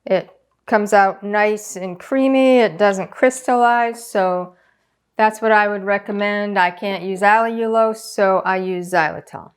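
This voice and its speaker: A woman's voice: medium pitch, measured pace, clear, resonant tone. A woman hosting a casual home cooking demonstration, chatting and explaining each step as she works. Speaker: cooking channel host.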